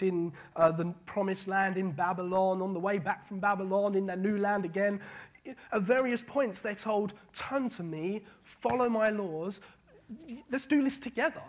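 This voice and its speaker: A man preaching a casual sermon, animated, often repeating words and paraphrasing scripture. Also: high-pitched.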